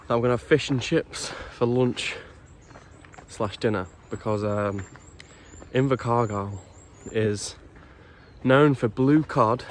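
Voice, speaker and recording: A man's voice: medium pitch, slight background noise. A man filming a casual travel vlog while hiking a coastal trail, chatty and teasing, laughing often. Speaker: travel vlogger. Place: outdoors on a coastal walking trail.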